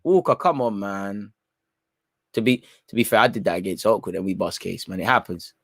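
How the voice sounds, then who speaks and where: A man with a lowish, creaky but fairly bright voice talks fairly quickly while hosting a live football watchalong, offering casual, opinionated takes on the play and often adding "man." He reads chat messages aloud and reacts, and the studio-quality recording has no room sound.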